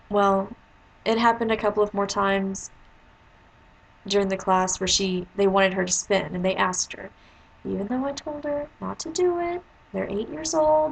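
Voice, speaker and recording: A woman who teaches, talking casually to camera as she tells a story and slips into higher voices to quote her pupils. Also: creaky, slight background noise, poor audio. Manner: chatty, jumps into high voices when quoting kids.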